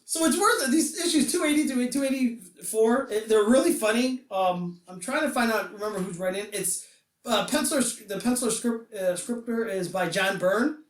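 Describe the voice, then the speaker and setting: A man hosting a podcast and chatting about comics. He rambles, laughs often and slips into a high voice to act out quotes. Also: moderate pace. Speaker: podcast host reviewing comics. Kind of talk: casual podcast chat. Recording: roomy echo, distant from the mic.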